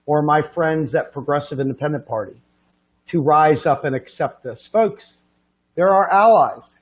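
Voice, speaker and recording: A man's voice: a little high, dull audio. A man from the United States hosting a livestream, making an earnest, pleading political appeal with repeated questions. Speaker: livestream host.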